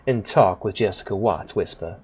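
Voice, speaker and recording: A man voicing a formal, kindly older woman elder with a put-on Southern accent, speaking softly and slowly. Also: fairly low pitch, husky, voice pushed down. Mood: solemn. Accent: put-on American Southern.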